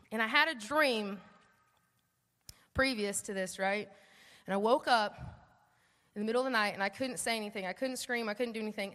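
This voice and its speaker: A woman giving a lively personal testimony at church, acting out the dialogue as she tells it. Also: mid-range voice. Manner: animated storyteller, acts out dialogue. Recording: long hall reverb.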